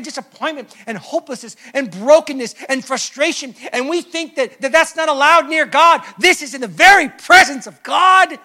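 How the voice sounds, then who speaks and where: A man preaching a sermon, swinging from loud emphatic lines to hushed, almost whispered drops as he acts out the voices of hurting people. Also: very high voice, brisk, hardly any pauses. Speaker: pastor.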